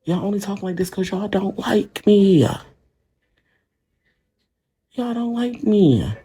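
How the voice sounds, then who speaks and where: A man's voice: high voice, expressive, slow, warm tone, breathy edge. A man livestreaming from a hospital room on a phone mic, talking straight to his commenters in a defensive, repetitive rant.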